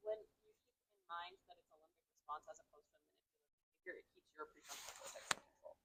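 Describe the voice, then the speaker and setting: A woman speaks up from the audience with a quick, explanatory comment. She talks very fast in a somewhat low voice. She is far from the mic, with a faint hiss behind her. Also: huge pitch swings, vocal fry. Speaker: audience member.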